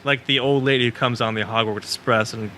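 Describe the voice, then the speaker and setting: A man's voice: medium pitch, fairly even intonation, a little fast, bright, forceful tone, a little hiss or hum. A man co-hosting a podcast, explaining things earnestly and at length in casual banter. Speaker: podcast co-host.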